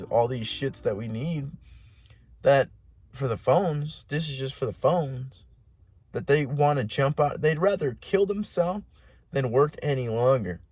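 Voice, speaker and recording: A man's voice: medium pitch, husky. A man hosting a podcast alone, rambling in a casual monologue with heavy swearing, lots of "like" and restarts. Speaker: podcast host.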